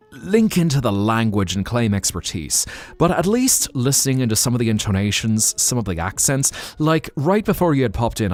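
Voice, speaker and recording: A man hosting a live stream, chatting casually in a rambling, explaining way. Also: mid-range voice.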